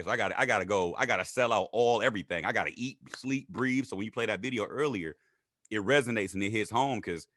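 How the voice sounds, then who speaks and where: Fast-talking animated man telling a story. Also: no room sound, clean studio sound. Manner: animated, acts out quotes in high voices. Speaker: guest. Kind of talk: casual storytelling interview.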